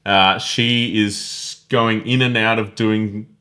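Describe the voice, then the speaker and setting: A man's voice: fairly low pitch, steady tone, slow, sharp tone. A man co-hosting a casual film review podcast, chatty and self-deprecating, laughing often. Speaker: podcast co-host.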